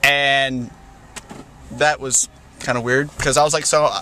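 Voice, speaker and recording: A man's voice: medium pitch, level tone, takes it slowly, bright, forceful tone, a little hiss or hum. A young man telling a rambling story in a casual vlog, full of "like" and "you know", often laughing. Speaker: vlogger.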